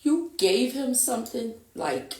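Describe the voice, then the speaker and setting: A woman telling a painful personal story in a halting, emotional way, often repeating herself and acting out what people said. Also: on the high side, big pitch swings. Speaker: guest telling her story. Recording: echoey room, voice from a distance.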